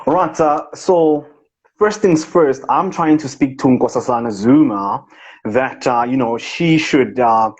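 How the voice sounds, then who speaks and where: A man with a South African accent doing a comic impression of a boastful, self-important rich businessman on a live video chat, in a husky voice. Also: medium pitch, takes it slowly. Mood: pompous. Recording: dull lo-fi live-stream audio.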